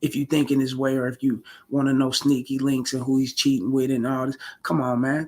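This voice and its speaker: A man's voice: mid-range voice, level tone, a little fast, few pauses, a little mellow. A man ranting casually on his vlog, blunt and profane, full of slang and repetition. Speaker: commentary vlogger. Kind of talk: casual commentary rant.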